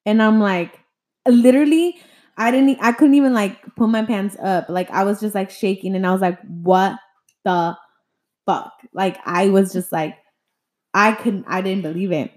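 A woman's voice: mid-range voice, normal speed, a little mellow. A young woman telling a personal story in casual chat, rambling, filler-heavy and swearing freely. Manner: chatty storytelling full of "like" and swearing.

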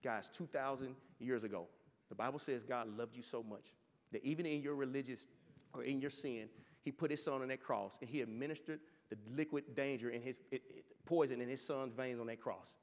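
A man's voice: medium pitch, fairly quick, in a large hall. A male pastor preaching with passion, telling a story and often restarting his words. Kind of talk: sermon.

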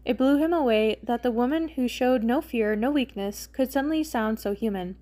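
A woman's voice: fairly high pitch, normal speed, dark tone. A woman podcast host reading fan fiction aloud expressively, acting out the characters' lines.

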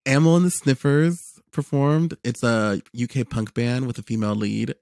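A young man in casual chat, telling a lively story with lots of fillers and repeated words. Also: mid-range voice, normal speed, creaky, dry recording, clean studio sound.

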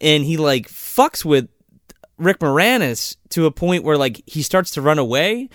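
A man with a slightly high voice retells a movie plot in a loose, profane way. His pitch swings widely as he talks. The sound is dry and close, with no room echo. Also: a little slow. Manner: profane, animated retelling with quoted character voices. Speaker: podcast co-host. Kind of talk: casual movie recap chat.

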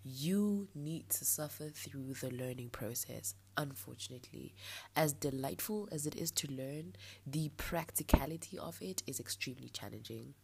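With a stuffed-up nostril, this young podcast host rants late at night in a candid, somewhat frustrated personal monologue punctuated by soft laughs. Her pitch is extremely low, gravelly and expressive with a breathy edge, at a moderate pace.

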